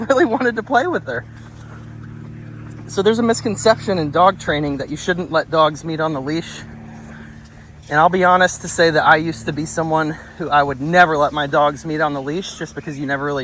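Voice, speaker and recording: A man working as a dog trainer. He talks outdoors in a relaxed, chatty way, explaining his methods and often praising the dog. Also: a little high, a little hiss or hum, low-quality recording. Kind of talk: casual explanation on a training walk.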